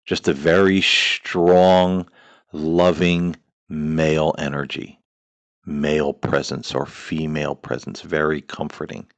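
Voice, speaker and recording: A man with a very low voice hosts a spiritual talk show, speaking earnestly with a preacherly rhythm. He builds long repeated lists and fills pauses with "uh" and "you know." The sound is dry, with no room echo. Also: little pitch movement. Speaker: host of a paranormal talk show.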